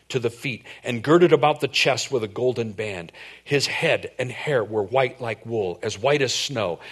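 A male pastor preaching a sermon, animated, jumping into quoted voices and asides. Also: medium pitch. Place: church.

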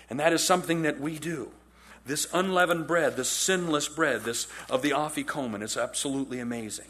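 A male pastor delivers a sermon with a husky, slightly breathy voice that sits a bit high for a man. He talks conversationally, circling back and repeating phrases to drive a point home. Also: brisk. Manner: animated storytelling, acts out quotes in character.

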